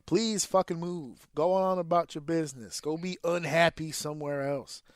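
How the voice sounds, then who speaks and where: A man on a podcast talks in a blunt, animated way and swears freely as he vents about teaching. His voice sits a little high for a man. The recording is dry and close, with no room sound. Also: moderate pace, no echo. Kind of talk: casual profane podcast chat.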